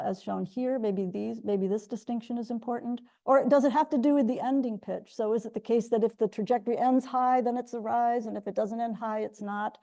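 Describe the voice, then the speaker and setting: A middle-aged woman delivers an academic lecture in a measured, explanatory way. Her voice sits a little high but sounds mellow, with a gravelly fry running through it. She often restarts and corrects herself mid-sentence. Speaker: linguistics researcher giving a colloquium talk. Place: lecture room.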